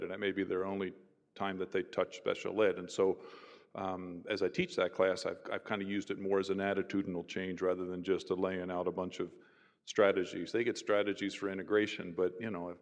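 A man, a university professor, telling stories in an animated conversational way and voicing the people in them. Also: sits low. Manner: animated, voices others in his stories. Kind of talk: conversational storytelling. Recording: roomy with long reverb.

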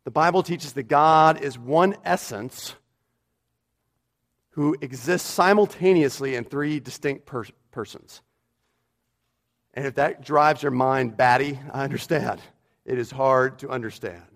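A man's voice: mid-range voice, a little slow, gravelly. A pastor preaching a sermon in a church, emphatic and repeating his key phrases for weight.

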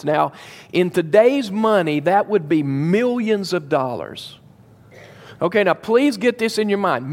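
A man preaches to his congregation with a somewhat high-pitched voice. He leans hard on his points and repeats them for weight. His voice echoes with the long reverb of a large church hall. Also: lively intonation, unhurried, a little mellow. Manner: emphatic, repeats key phrases, addresses the congregation directly. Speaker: pastor. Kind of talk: sermon.

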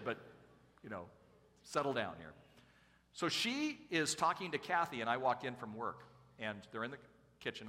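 A middle-aged man preaching, his bright, forward voice ringing out in a large church hall with a long reverb tail. He tells stories casually and pokes fun at himself. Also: mid-range voice. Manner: self-deprecating, conversational storyteller. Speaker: pastor. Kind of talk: sermon with personal storytelling.

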